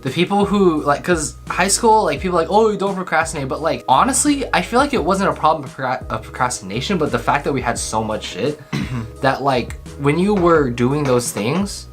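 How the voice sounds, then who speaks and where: Lively young guy rambling. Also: a little high, normal speed, soft background music. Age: young adult. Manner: rambling, slangy, many fillers. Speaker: college student vlogger. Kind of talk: casual chat.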